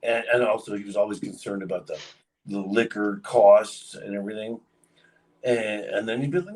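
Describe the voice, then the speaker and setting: A man's voice: fairly low pitch, moderate pace, darkish tone, distant mic, rough recording. A man casually telling a long story on a livestream, rambling with lots of fillers. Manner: rambling, many fillers, acts out quoted voices.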